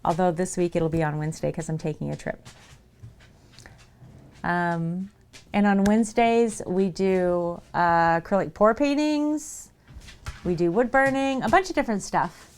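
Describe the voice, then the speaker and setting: A woman's voice: lowish voice, measured pace, a little mellow, clean tone. A woman chatting casually on a live stream while she crafts at her desk at home. She laughs often and talks to her viewers and her dog. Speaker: streamer making her own merch.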